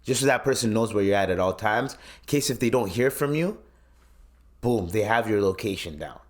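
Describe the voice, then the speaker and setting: Animated swearing podcast host man. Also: fairly low pitch, moderate pace. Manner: animated, swearing, incredulous rants. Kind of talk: casual commentary monologue.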